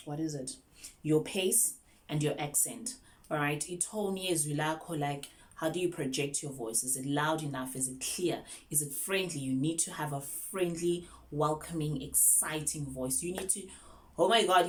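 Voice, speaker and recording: A young South African woman, an online English teacher, chatting casually through tips and mixing English with Zulu. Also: low-pitched.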